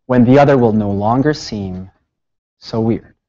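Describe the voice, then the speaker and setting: A man giving a public lecture, telling stories with lively rhetorical questions. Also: medium pitch, measured pace, dull audio. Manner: animated storytelling with rhetorical questions. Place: lecture hall.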